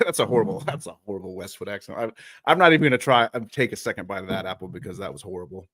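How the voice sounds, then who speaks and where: A man's voice: low-pitched, racing, a bit bright. A man hosting a live soccer chat show, rambling, self-mocking and dropping the odd curse. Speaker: podcast host.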